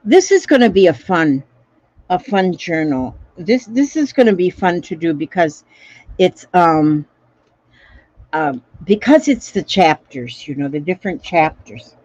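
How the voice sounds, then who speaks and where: A woman's voice: lowish voice, expressive, unhurried, a little mellow, no echo, dull audio. A woman chatting casually through a crafting livestream, repeating little phrases to herself as she works. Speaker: craft vlogger reading live comments.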